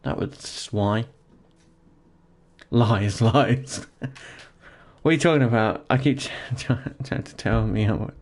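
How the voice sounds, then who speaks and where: A man's voice: medium pitch, normal speed, hardly any pauses. A young man chatting casually and jokingly to his live-stream chat while gaming, rambling and laughing often, in his home office.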